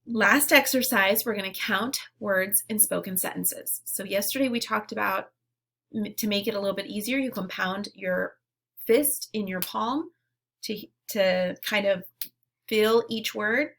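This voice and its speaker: A woman teaching a phonics lesson to young children, giving slow, clearly spoken word prompts and pausing for them to repeat. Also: mid-range voice, fairly bright tone. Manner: encouraging.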